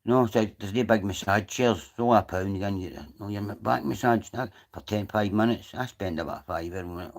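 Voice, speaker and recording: A man's voice: lowish voice, brisk, hardly any pauses. A Scottish man chatting casually on a livestream, rambling through a story and swearing freely, sitting outdoors. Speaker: livestream host.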